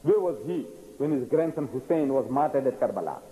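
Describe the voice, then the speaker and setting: Insistent male preacher-debater, lively needling questions, roomy hall echo; a man acting him out. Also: mid-range voice, a little fast, lightly acted. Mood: pressing, mocking.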